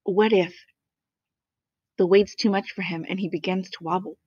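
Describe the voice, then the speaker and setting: A woman's voice: mid-range voice, fairly even intonation, moderate pace, darkish tone, breathy edge, no echo, highs cut off, close to an everyday voice. A woman voicing a well-read male woodchuck who worries earnestly in a storybook reading. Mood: anxious.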